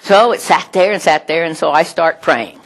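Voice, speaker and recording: A middle-aged woman, giving a sermon with personal stories in a chatty, animated way and often laughing. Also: deep voice, normal speed.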